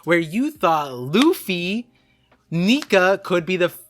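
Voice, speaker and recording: A man's voice: sits high, sing-song, slow. A man talking as a guest in a casual chat, explaining in a rambling way with lots of fillers. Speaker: guest co-host.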